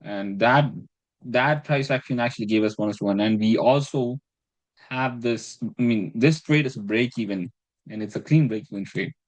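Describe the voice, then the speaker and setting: Over a casual screen recording, a man with a medium-pitched voice walks through his week's trades at a moderate pace, rambling, self-deprecating, swearing, and restarting phrases. The audio is rough with no room sound.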